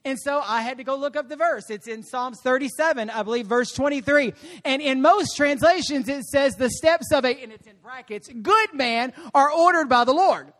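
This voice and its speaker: A woman guest preacher delivering an animated sermon, calling for responses from the congregation. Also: high-pitched, normal speed. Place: church service.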